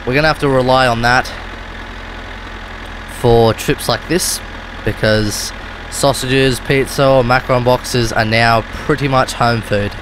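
A man's voice: mid-range voice, steady tone, measured pace. Rambling Australian man over engine noise. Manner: rambling, loose and self-correcting. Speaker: gaming video host. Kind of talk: casual gameplay commentary. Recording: car engine noise behind.

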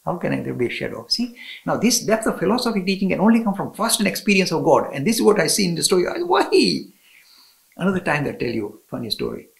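Enthusiastic man with a gravelly voice. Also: high-pitched, expressive, quick pace, low-quality recording. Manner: enthusiastic, laughs often, restarts sentences. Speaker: spiritual teacher and interview guest. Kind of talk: storytelling in a conversation.

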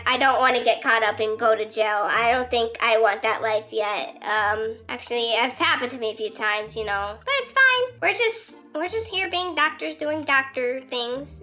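A woman YouTuber giving excitable, giggly role-play gameplay commentary, often breaking into shrieks. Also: high voice. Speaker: gaming YouTuber.

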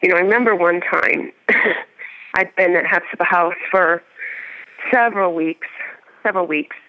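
A woman's voice: fairly low pitch, measured pace. A woman guest in a remote interview, talking in an earnest, matter-of-fact way over a muffled phone line. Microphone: telephone.

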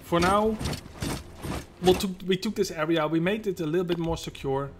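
A man's voice: high-pitched, moderate pace. Rambling man narrating his gameplay. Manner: rambling, talks to himself and the game. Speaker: let's play host. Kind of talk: casual gameplay commentary. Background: loud game music.

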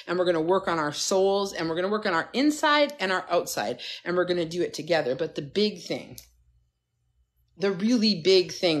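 A woman coach on a phone livestream, giving a fired-up, profane pep talk to her followers. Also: on the low side. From United States. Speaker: wellness coach.

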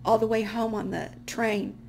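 A middle-aged woman hosting a vlog, telling a personal faith story and acting out the dialogue, her voice swinging from hushed to loud and excited. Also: medium pitch, moderate pace, vocal fry, a little hiss or hum. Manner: animated, gets loud and excited retelling dialogue. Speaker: vlog host.

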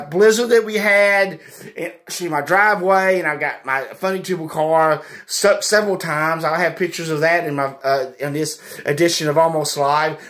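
A middle-aged man, hosting his homemade vlog with loud, excited greetings and rambling chatter. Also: high-pitched. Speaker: vlogger, channel host.

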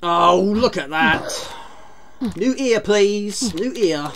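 There's slight background noise as a woman streams a retro game, speaking very slowly in a medium-pitched voice with lively intonation. She chats casually, jokes at her own expense, and greets viewers by reading from chat.

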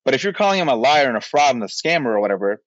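A man in the middle of a podcast rant, blunt and exasperated, swearing as he pushes his point. His voice sits at an ordinary pitch. The audio is dry and a little muffled, like a lo-fi recording. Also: big pitch swings, racing, dry recording. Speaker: podcast co-host. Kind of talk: heated rant in casual podcast chat.

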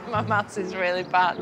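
A woman on a comedy show, slowly counting aloud and giggling at her own maths. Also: mid-range voice. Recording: loud music and studio audience.

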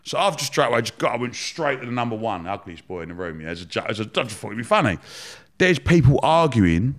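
A man's voice: medium pitch, fast talker. Laughing man telling stories. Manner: lively, laughing, swearing, rambling anecdotes. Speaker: podcast guest. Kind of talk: casual storytelling interview.

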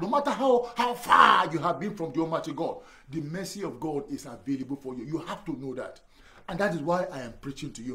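A man preaching a sermon as pastor, emphatic, repeating phrases and speaking straight to the listener. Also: sits high. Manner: direct address to the listener.

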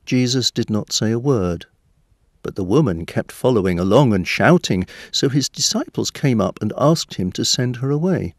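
A man reading a Bible passage aloud in a slow, measured, expressive delivery. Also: medium pitch, no room sound, clean studio sound. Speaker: bible reader. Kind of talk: scripted scripture reading.

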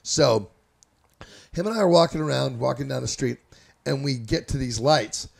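A man from Northern California with a gravelly, creaky voice tells a story in a relaxed, rambling way, and he swears freely. His pitch sits in the middle of the usual range for a man. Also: moderate pace. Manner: profane, loose and rambling. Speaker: storyteller guest. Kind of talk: casual anecdotal storytelling.

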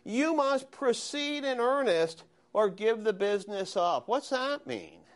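A man lecturing a university history class, animated and questioning his students. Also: very high voice, a little slow. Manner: animated, asks students questions, frequent "okay?". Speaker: history professor.

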